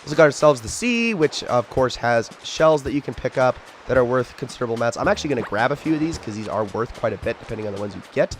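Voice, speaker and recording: A man hosting a video game let's play, chatting casually and lively, often tripping over his words. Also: medium pitch, fast, few pauses, slight background noise. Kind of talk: casual gameplay commentary.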